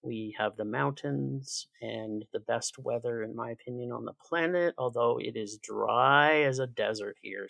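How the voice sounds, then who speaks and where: A chatty Canadian man with a gravelly, fry-edged voice, joking and sarcastic as a podcast guest. He sounds close and dry, with no room around him. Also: medium pitch, a bit bright, no echo. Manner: chatty, sarcastic, laughs often. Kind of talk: casual chat.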